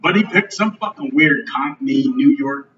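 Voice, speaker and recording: A man hosting a live podcast on a club stage, joking loudly and swearing a lot. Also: medium pitch, expressive, moderate pace, a little hiss or hum. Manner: loud, profane, joking. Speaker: podcast host. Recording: roomy lo-fi live venue recording from a distance.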